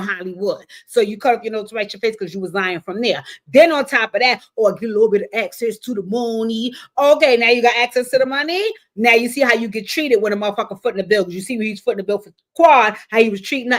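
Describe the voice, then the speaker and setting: A woman hosting a casual reality TV commentary show, profane and animated, with sudden shouting bursts and mimicked voices. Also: a little high. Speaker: show host.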